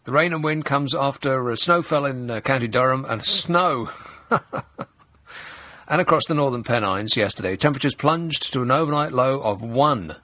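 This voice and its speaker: A man's voice: medium pitch, animated, normal speed, bright, forceful tone. A man hosting a talk radio show in a studio, reading the news with sarcastic, mock-outraged asides. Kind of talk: comedic talk radio monologue. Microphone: studio microphone.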